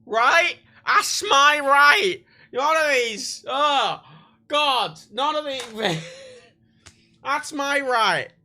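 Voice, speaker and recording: A man with a British accent voicing a mock macho "real man" who proclaims slowly and loudly. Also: extremely high pitch, expressive, pitched above the performer's own voice, exaggerated voice. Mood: blustering. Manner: loud, slow, proclaiming.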